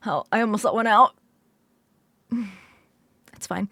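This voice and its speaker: A woman's voice: medium pitch, drawn-out words, gravelly, pauses often, bright, forceful tone, no echo, studio quality. A woman streamer chatting casually with viewers, sleepy and just woken up, laughing often.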